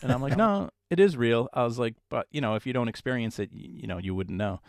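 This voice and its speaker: A man, a paranormal investigator being interviewed, telling stories in a casual, animated way and acting out the voices of people he quotes. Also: medium pitch, quick pace, no echo, clean studio sound.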